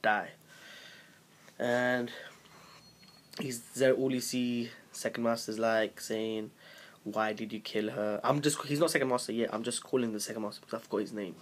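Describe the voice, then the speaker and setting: A man's voice: mid-range voice, steady tone, a little fast, a little hiss or hum. A man giving a casual live review of a manga chapter, recapping the plot in a rambling, profane way with frequent restarts.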